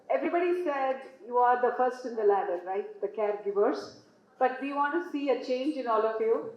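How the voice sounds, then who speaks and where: A woman addresses nurses in a motivational talk, coaxing the audience to answer with raised hands. Her voice sits fairly high. The sound is roomy and echoey, and somewhat dull and lo-fi. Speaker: guest speaker.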